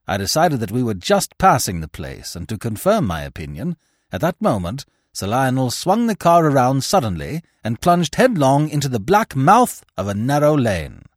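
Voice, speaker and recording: A man narrating a classic novel as podcast host in an expressive, theatrical storytelling manner. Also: mid-range voice, moderate pace, no room sound, studio quality. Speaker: audiobook narrator. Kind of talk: scripted dramatic narration.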